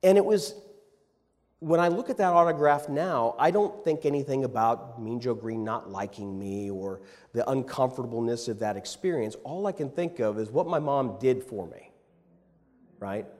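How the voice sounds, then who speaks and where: Male pastor, animated storyteller, mid-pitched voice, long church-hall echo. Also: normal speed. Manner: animated storyteller who repeats words as he starts phrases. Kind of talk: sermon storytelling.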